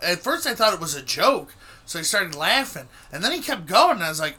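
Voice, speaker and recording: A young man chiming in on a casual podcast story, acting out quoted lines with big jumps in pitch. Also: big pitch swings, normal speed, bright, forceful tone.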